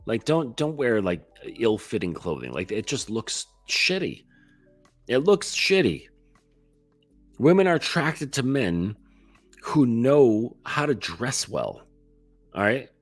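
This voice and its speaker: A man's voice: medium pitch, sing-song, takes it slowly, no room sound, soft background music. A man coaching other men on dating in a blunt, profane, casual monologue, padded with lots of "like". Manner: blunt, profane, heavy use of "like".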